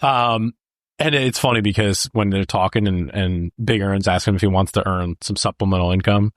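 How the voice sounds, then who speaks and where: A man's voice: low voice, steady tone, moderate pace, no room sound, clean studio sound. A young man co-hosting a podcast, chatting casually about a movie, laughing often and quoting lines, with lots of "like" and "dude.". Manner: says "like" and "dude" a lot. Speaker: podcast co-host.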